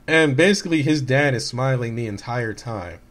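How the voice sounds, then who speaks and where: A man's voice: medium pitch, a bit bright, slight background noise. A man in his late twenties or thirties talking casually on his own channel, rambling with many restarts and fillers, candid and hurt as he recounts what others said. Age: late 20s to 30s. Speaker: gaming YouTuber. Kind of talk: casual personal vlog talk.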